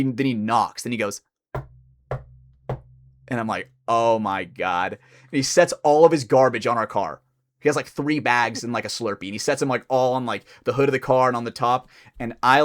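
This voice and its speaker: A young man co-hosting a podcast, telling a rambling story in a loose, casual way. He swears freely and slips into the voices of the people he quotes. His voice sits at an ordinary middle pitch. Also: a bit bright. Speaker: podcast co-host.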